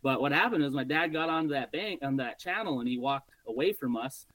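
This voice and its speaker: A man guesting on a podcast, telling a hunting story in an animated, casual way and swearing freely. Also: medium pitch, fairly quick, no echo, rough recording.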